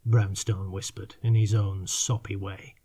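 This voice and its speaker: A man narrating a fiction audiobook in measured, unhurried reading. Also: low voice, little pitch movement, mellow, husky. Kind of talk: scripted narration.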